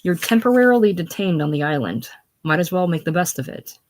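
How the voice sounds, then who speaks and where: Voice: medium pitch, animated, brisk, a little hiss or hum, lightly acted. A drunken, bossy prison warden, as a reader does him. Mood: gruff. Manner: gruff, then purring.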